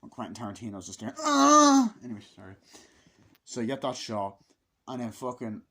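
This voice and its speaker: A man's voice: lowish voice, slightly rough. A man giving a casual, blunt and profane film review, griping about a movie and acting out its scenes. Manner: profane, blunt, acts out scenes in quick put-on voices.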